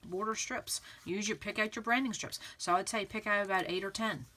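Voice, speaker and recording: Woman, scrapbooking tutorial host, casual and encouraging, bright clear tone. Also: mid-range voice, fairly quick, slight background noise. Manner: chatty, encouraging, repeats "okay" and "again". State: clearing throat from pollen. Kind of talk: casual craft tutorial talking to viewers.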